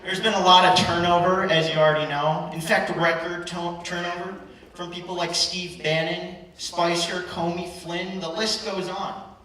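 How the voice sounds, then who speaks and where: A man's voice: sits high, little pitch movement, normal speed, bright, forceful tone. A young man in his twenties performing stand-up comedy, working the crowd with punchy, ironic delivery. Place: large hall at a live culture show. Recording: echoey hall, far from mic, crowd noise. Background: audience reactions and hall ambience.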